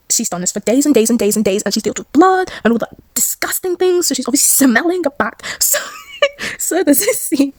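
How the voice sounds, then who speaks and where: High, lively young woman recapping a story. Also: dry recording. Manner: chatty, rambling, giggly, acts out characters' lines. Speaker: recap vlogger.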